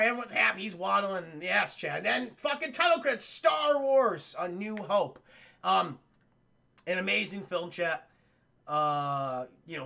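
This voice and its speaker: A young man streaming a casual film recap to his chat, excitable and swearing as he acts out scenes. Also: sits high, gravelly.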